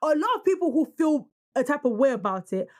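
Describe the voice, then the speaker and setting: A young woman from Nigeria co-hosting a podcast in casual, argumentative chat. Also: sits high. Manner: animated, argumentative, quick to protest. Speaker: podcast co-host.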